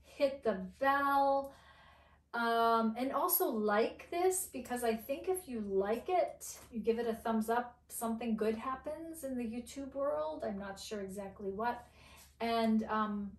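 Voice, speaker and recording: A woman's voice: fairly high pitch, slow, reverberant, distant mic. A woman teaching English to learners, spelling words out letter by letter and adding Arabic phrases, with plenty of fillers and friendly asides. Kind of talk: slow teaching lesson for learners.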